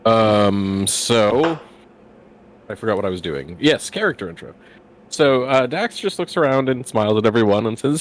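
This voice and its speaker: A man playing a tabletop game, describing his character in a halting, hesitant way. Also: fairly low pitch, animated, slight background noise. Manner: halting, hesitant, full of fillers. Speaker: player.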